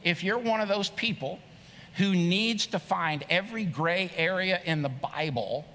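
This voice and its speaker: A man's voice: high voice, measured pace, sharp tone. A middle-aged man preaching a sermon as pastor, earnest and emphatic, often repeating phrases. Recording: long reverb of a large hall.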